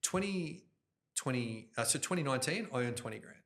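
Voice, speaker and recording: A middle-aged man, an event host telling his story as a guest in an animated podcast interview. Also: mid-range voice. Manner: energetic, fast, jokey, talks with his hands toward the mic. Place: podcast studio. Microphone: directional studio microphone.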